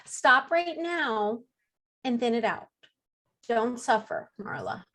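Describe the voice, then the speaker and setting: A woman co-hosts a live cookie class over a video call, keeping an eye on the students. She is playful and direct, and her voice sits a little high. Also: animated, takes it slowly, fairly bright tone. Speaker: co-host helping run the class.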